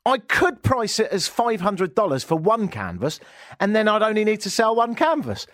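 Animated sarcastic Englishman hosting radio. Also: high voice, moderate pace, no echo, clean studio sound. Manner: sarcastic, joking, exaggerated asides. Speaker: radio talk show host. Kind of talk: radio talk show rant.

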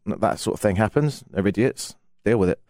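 A man's voice: on the low side, animated, moderate pace, a little mellow, no echo. A man from England with a London accent, co-hosting a casual comedic chat and telling stories with dry jokes. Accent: London English. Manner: dry, joking storyteller. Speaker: co-host.

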